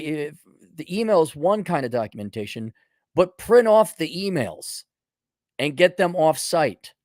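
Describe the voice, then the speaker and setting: A man's voice: high voice, a little mellow, no room sound, clean studio sound. Blunt, profane man giving advice. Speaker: host. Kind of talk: advice monologue.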